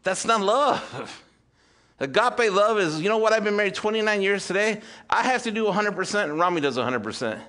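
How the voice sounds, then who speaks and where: A middle-aged male pastor with a fairly high voice delivers a sermon to his congregation. He builds to loud, emphatic peaks, then drops to quiet, intimate asides, peppering his sermon with rhetorical questions and calls for amen. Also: expressive, brisk. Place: church service with congregation.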